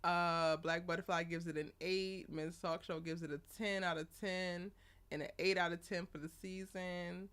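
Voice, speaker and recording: A woman's voice: fairly low pitch, steady tone, moderate pace, fairly bright tone, clear, resonant tone. A young woman hosting a casual live stream, chatty and laughing often as she greets viewers by name. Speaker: live show host.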